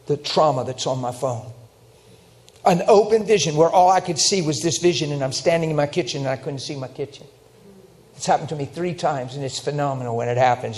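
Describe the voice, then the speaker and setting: A middle-aged man preaching a sermon, telling stories in an animated, emphatic way that climbs toward shouting. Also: a little high. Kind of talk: storytelling sermon.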